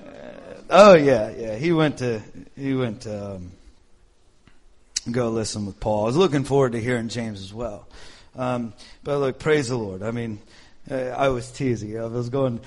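A man's voice: medium pitch, normal speed, pauses often. A man preaching in a casual, joking, self-deprecating way to his congregation. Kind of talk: informal sermon talk.

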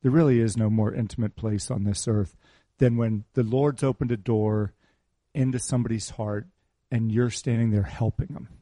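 A male pastor gives an informal, chatty sermon at a moderate pace, his voice mellow, dark and fairly low. He repeats key lines for emphasis and teases members of his congregation with joking asides. The recording is dry and close.

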